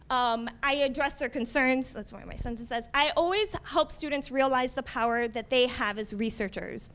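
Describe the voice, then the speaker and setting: A woman's voice: sits high, normal speed, hardly any pauses, fairly bright tone, clean tone. A woman librarian giving a conference presentation in a conversational way, often adding "um" and "right?". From United States. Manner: conversational, frequent "um" and "right?" tags.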